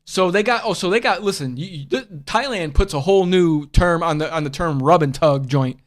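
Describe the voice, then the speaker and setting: A man's voice: fairly high pitch, fairly quick. A man hosting a casual livestream podcast, rambling bluntly and profanely and calling listeners bud and bro. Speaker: podcast host.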